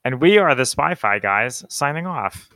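A man co-hosting a podcast, reviewing a film in a relaxed, matter-of-fact casual chat. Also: mid-range voice, measured pace. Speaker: podcast co-host.

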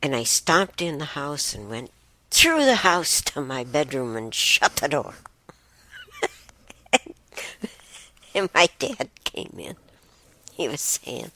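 Woman host telling stories in a relaxed chatty way; deep for her sex, unhurried delivery. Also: dry recording. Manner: unhurried, chatty, with many restarts and fillers. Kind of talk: casual storytelling.

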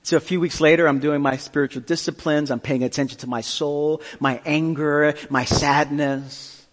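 Man, pastor, sermon, animated storyteller, higher voice, long reverb. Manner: animated storytelling, acting out dialogue.

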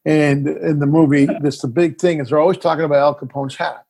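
A man's voice: a little high, fairly even intonation, brisk, vocal fry, darkish tone, breathy edge. A middle-aged man, a filmmaker guest in a casual interview, telling a story animatedly and acting out the scenes.

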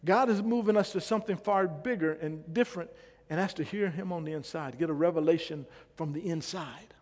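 A male pastor with a rather high voice preaches emphatically, repeating his points and quizzing the congregation. His voice carries a long reverb from the church hall. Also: a little fast, a little mellow. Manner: emphatic, repeats phrases and asks the congregation questions. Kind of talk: sermon.

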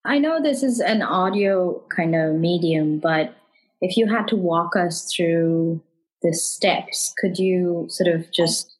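A woman's voice: lowish voice, takes it slowly, husky, poor audio. A woman hosting an audio interview, asking a question in a hesitant, searching way. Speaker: podcast host.

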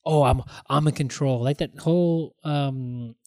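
Man, casual chat, animated, quotes scenes in put-on voices, swears, dry close sound. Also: mid-range voice, a little slow, dry recording.

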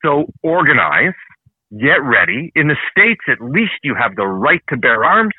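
A man from Canada hosting a heated political talk show, ranting fast and swearing often. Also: mid-range voice, sing-song, slightly rough, dry recording. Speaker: show host. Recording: dry, phone-like narrow sound.

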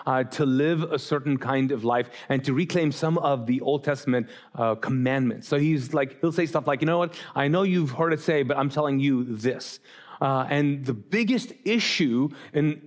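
A man preaching a sermon as pastor to a live congregation, casual and joking, drawing the audience in to answer him. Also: medium pitch. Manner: casual, joking, talks back and forth with the congregation. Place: church auditorium before a congregation.

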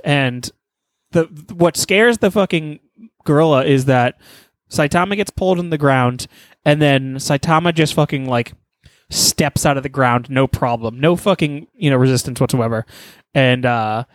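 Man with a higher voice, animated storyteller, dry close recording. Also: moderate pace, no echo. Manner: animated storytelling, swears often, laughs. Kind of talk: casual chat.

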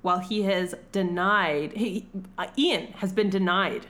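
A woman co-hosting a casual chat, recapping a film with animated, profane storytelling. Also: lowish voice, measured pace. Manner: animated, profane storytelling, acts out quotes in voices.

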